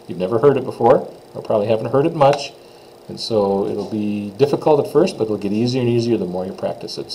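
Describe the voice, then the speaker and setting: A man teaching French pronunciation, saying phrases slowly for students to repeat and explaining the sounds in plain, encouraging words. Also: on the low side, warm tone, a little hiss or hum, poor audio. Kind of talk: classroom pronunciation lesson.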